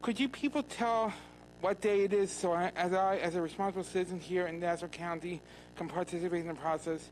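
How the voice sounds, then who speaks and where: A citizen giving an earnest, plain public comment to a county legislature, a little halting at times. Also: mid-range voice, fairly even intonation, slight background noise, poor audio. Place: county legislature hearing room.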